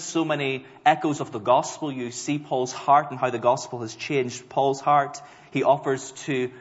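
A man preaching a sermon to a congregation, earnest and emphatic, leaning on slow stressed words. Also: mid-range voice. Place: church hall. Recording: dull sound with long hall reverb.

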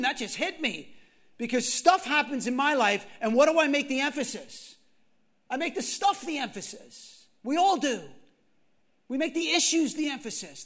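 A man with a very high voice preaches to his congregation. He is animated and repeats lines for emphasis. He keeps turning questions back on his listeners. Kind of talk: sermon. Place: church gathering.

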